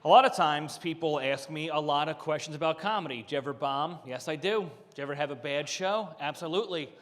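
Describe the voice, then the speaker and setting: A man's voice: on the high side, brisk, fairly bright tone, in a large hall, a little hiss or hum. A man performing a stand-up comedy set, telling stories with punchy asides and acting out what people said. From Philadelphia area. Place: country club room, live audience.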